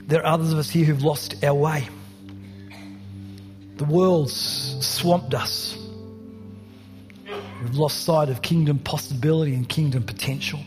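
A man's voice: on the high side, fairly even intonation, unhurried, pauses often, soft background music. Passionate male pastor preaching. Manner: passionate, rising to emphatic repetition. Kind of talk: sermon. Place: church hall.

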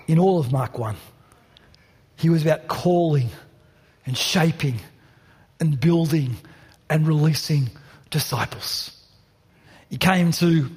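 A man's voice: fairly high pitch, darkish tone, husky. A man preaching a sermon as pastor, passionate and building to emphatic repeated lines. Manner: passionate, rising to emphatic repetition. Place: church hall.

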